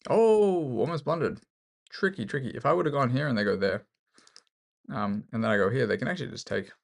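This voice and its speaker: Aussie guy talking thru his chess game, jokey, gravelly, voice jumps around a lot. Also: mid-range voice, lively intonation, a little fast. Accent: Australian. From Australia. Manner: jokey, thinks aloud, self-mocking. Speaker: chess streamer. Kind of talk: casual commentary while playing online chess.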